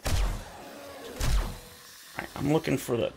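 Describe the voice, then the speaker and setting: Over heavy background noise, a male gaming YouTuber talks slowly through game commentary. His long complaints are theatrical and exasperated, full of big pitch jumps.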